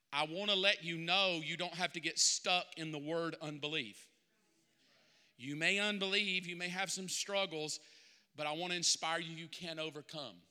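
Male pastor, animated sermon, high and bright, long church reverb. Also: clean tone. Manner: animated, acts out Bible characters.

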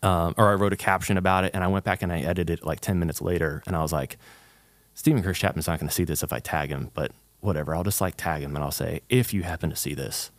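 A man's voice: low-pitched, steady tone, fast talker, no echo. A young man, a worship leader, talking earnestly in a casual interview, rambling with fillers and restarts.

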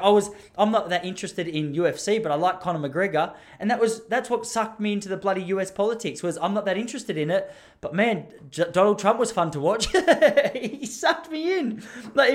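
An Australian man in his thirties rambling and joking through a casual monologue, laughing often. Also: high-pitched. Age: 30s.

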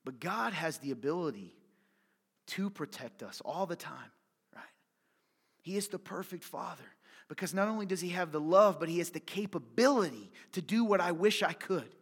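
A man preaching a sermon as pastor, passionate, dropping to hushed near-whispers and then rising to loud, urgent appeals. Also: high voice, expressive, moderate pace, husky. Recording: reverberant hall.

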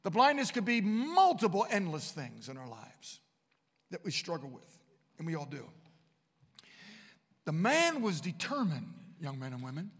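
A man preaching a sermon to students at a Bible college. He is impassioned and swings between hushed lines and emphatic ones. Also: on the high side, big pitch swings, measured pace, pauses often, husky. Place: large room at a Bible college. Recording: long hall reverb.

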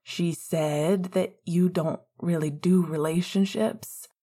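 A woman reading aloud voices a shy, careful young man in a storybook reading, speaking gently and hesitantly. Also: on the low side, fairly even intonation, takes it slowly, breathy edge.

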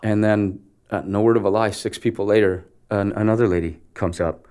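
Deep-voiced earnest man telling stories. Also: fairly even intonation, a little mellow, clean tone. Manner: earnest, halting restarts. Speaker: actor guest. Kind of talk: conversational storytelling interview.

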